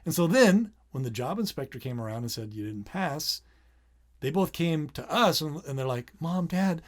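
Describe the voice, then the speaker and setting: A middle-aged man co-hosting a casual parenting podcast, talking animatedly and acting out his kids' lines in quick quoted bits. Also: on the high side, sing-song. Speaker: podcast co-host.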